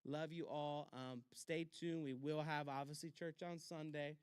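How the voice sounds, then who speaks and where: A pastor leads a church leadership class, a man with a fairly high voice who drives his points home with short, punchy commands. He slips into quick back-and-forth lines to act out conversations. The sound is dry and close. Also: steady tone, smooth, dry recording.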